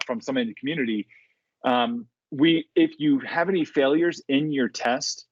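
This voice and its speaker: A man presenting a casual, live screen-share tech demo on a developer community video call, with quick asides and restarts. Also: medium pitch, no echo, dull audio.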